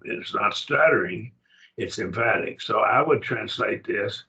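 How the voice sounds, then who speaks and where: A man's voice: lowish voice, a little slow, bright, forceful tone, lo-fi sound. An older man teaching a Greek grammar lesson, patient, checking that his student follows. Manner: patient, explains step by step, checks understanding.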